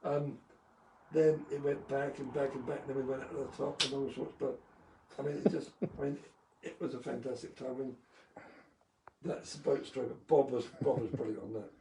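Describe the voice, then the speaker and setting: A man's voice: medium pitch, fairly even intonation, normal speed, mellow. A man, a former motocross champion, telling rambling anecdotes full of fillers and chuckles on a live video call. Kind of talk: casual storytelling. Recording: echoey room, distant mic, faint noise.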